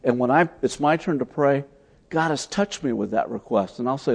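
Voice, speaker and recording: A man preaching a sermon, telling stories as he teaches, swinging from loud emphatic lines to soft, hushed ones. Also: medium pitch, sing-song, fairly quick, creaky, breathy edge. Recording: long hall reverb.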